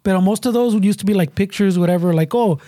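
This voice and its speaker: A man's voice: high-pitched, quick pace, dark tone, no room sound. A man and parent, telling a story in a rambling, profane, casual way with lots of Spanish slang mixed in. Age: adult parent. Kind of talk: casual chat.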